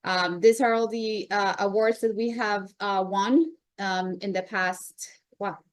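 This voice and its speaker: A woman's voice: mid-range voice, fairly even intonation, slow pace, dry recording. Woman, Colombian accent, welcoming event presenter, lots of ums, dry recording. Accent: Colombian Spanish. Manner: warm, welcoming, with many ums. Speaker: event host, vice president of investor group. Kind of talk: presentation to a live audience.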